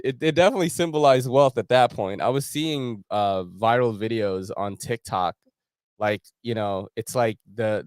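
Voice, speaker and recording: A man's voice: fairly low pitch, smooth, no echo, clean studio sound. A young man hosting a casual gear show, chatting in laid-back slang while browsing a website and laughing often.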